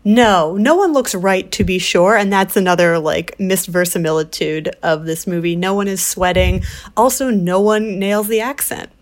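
A woman co-hosting a film podcast, with a wry, quick-witted manner of talking. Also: mid-range voice. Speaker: podcast co-host. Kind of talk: casual film-review chat.

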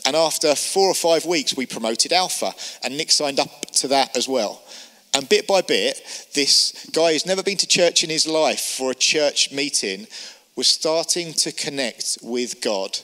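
Male pastor, middle-aged, lively storytelling sermon, long church reverb. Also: a little high, a little slow. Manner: lively storyteller, quotes people in character.

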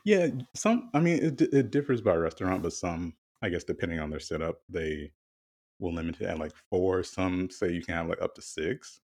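Deep-voiced man telling a candid story. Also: lively intonation, moderate pace, darkish tone. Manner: chatty, candid storytelling with some swearing. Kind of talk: casual chat.

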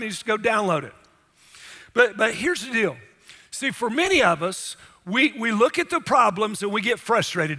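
A pastor preaching a sermon with emphasis, often asking the congregation rhetorical questions. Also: male voice, very high voice, bright, forceful tone, long reverb tail.

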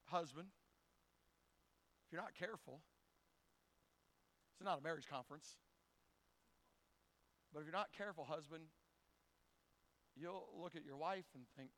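A man's voice: fairly high pitch, a little slow, pauses often, fairly bright tone. A man preaching a folksy, humorous sermon who acts out little scenes and often stumbles and repeats words. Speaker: pastor.

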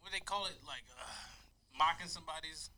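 A man, co-hosting a podcast in casual chat, teasing his friend and breaking into fits of high laughter. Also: steady tone, a little fast, sharp tone. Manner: roasting, bursts into high-pitched laughter. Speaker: podcast co-host.

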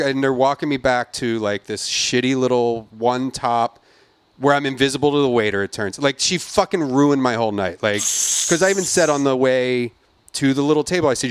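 A man's voice: medium pitch, clear, resonant tone, no echo. A man hosting a podcast, telling an angry story in a casual, profane way and acting out the people he quotes. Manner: profane, animated storyteller who acts out quotes. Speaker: podcast host.

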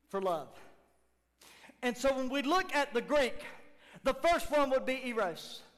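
A man preaching a sermon as lead pastor, dropping low and soft, then rising to shouts as he acts out quoted dialogue. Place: church sanctuary. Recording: long reverb of a large hall.

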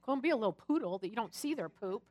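A woman pastor preaching a sermon, telling personal stories in an animated, chatty and humorous way. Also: on the high side, quick pace.

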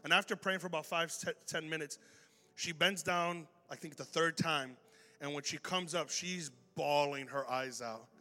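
A male pastor telling a story in a sermon, lively and animated, acting out the voices of the people in it. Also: fairly high pitch, moderate pace. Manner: animated, acts out dialogue in the story. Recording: long hall reverb with faint music.

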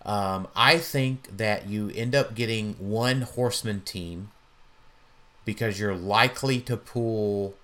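A man co-hosts a relaxed chat about a tabletop miniatures game. His voice is on the low side, and he speaks haltingly, restarting often and filling gaps with ums. He comes across as agreeable and easygoing. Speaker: podcast co-host.

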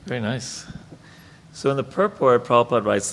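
A man leading a scripture class, reading passages aloud and explaining them in a reflective, conversational way with frequent pauses. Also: medium pitch, creaky, a bit bright. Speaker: class leader.

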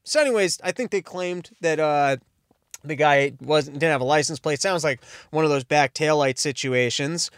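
A man's voice: a little high, normal speed, fairly bright tone, clean tone, no echo. Rambling, sarcastic man, dry sound. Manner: rambling, sarcastic, self-interrupting. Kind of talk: rambling comedic monologue.

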